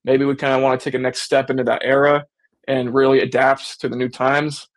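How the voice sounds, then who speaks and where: A man's voice: medium pitch, monotone, brisk. A man hosting a casual sports fan show, talking animatedly and slipping into mock voices when he quotes people. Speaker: sports podcast host.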